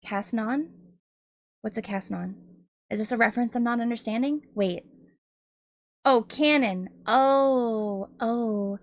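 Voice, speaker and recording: A woman's voice: a little high, measured pace, no echo, studio quality. A woman streamer chatting casually with her viewers, giggling often and hesitating with lots of ums. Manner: giggly, laughs often between phrases; hesitant, many ums and restarts, admits nervousness.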